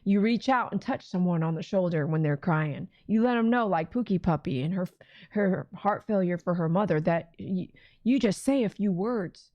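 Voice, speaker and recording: A woman's voice: mid-range voice, mellow, no room sound, highs cut off. A woman hosting a casual livestream, reading viewer comments and answering them emphatically. She talks like a preacher and keeps humming "mm-mm" between points. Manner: emphatic and preachy, with frequent "mm-mm" hums.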